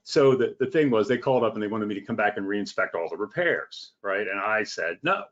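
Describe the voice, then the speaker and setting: A man's voice: on the low side, animated, brisk. Blunt, sarcastic male home inspector. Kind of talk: casual podcast conversation. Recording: slightly dull lo-fi audio.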